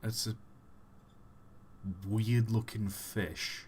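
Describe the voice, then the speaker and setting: Young male streamer, lowish voice, casual rambling chat with sudden excited outbursts. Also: drawn-out words, a little hiss or hum. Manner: rambling, self-correcting, bursts into excited exclamations. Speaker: live streamer. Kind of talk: casual live-stream chat while gaming.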